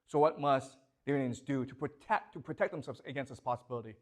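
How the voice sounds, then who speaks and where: A man's voice: mid-range voice, quick pace. A man giving a classroom lecture, posing rhetorical questions and constantly checking that his students follow.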